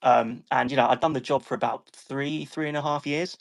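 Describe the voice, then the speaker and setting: A British man calmly telling a personal story to a live chat, steady and relaxed with frequent pauses to think. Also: mid-range voice, creaky. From United Kingdom. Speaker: guest sharing a story. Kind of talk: casual storytelling.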